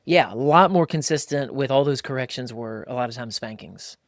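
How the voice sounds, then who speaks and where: A man in his forties, a father and podcast host, telling family stories in a lively casual way and laughing often. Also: mid-range voice, a little fast, no echo, clean studio sound. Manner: animated storyteller, often laughing. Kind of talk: casual chat.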